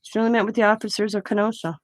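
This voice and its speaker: A woman's voice: mid-range voice, level tone, racing, no echo. A woman hosting a craft channel, chatting casually in a blunt, opinionated way and swearing freely. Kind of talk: casual chat while crafting.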